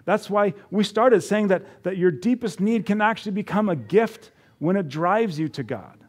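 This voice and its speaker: Male pastor, sermon delivery, earnest, a bit high-pitched, dynamic swings from emphatic to near-whisper. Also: expressive, moderate pace. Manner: earnest, swings from rising emphasis to hushed quiet.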